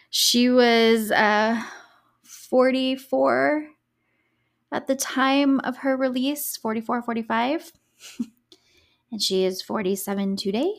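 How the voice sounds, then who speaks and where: A woman's voice: a little high, slow pace, pauses often. A young woman hosting a true crime podcast, chatting casually and reacting to the case with sarcastic asides. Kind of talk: casual solo podcast chat.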